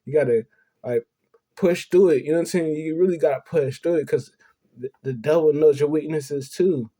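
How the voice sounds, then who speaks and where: Speaking at a moderate pace in a fairly high but dark-toned voice, a young man vlogs a confessional personal story. He's earnest and rambling, circling back over points and repeatedly saying "you know what I'm saying."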